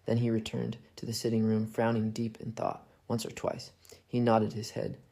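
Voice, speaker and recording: A man narrates a classic mystery tale in a low, dark voice with a gravelly edge. He reads quietly and evenly, barely moving in pitch, as if lulling a listener toward sleep. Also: monotone, normal speed. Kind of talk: calm storybook narration.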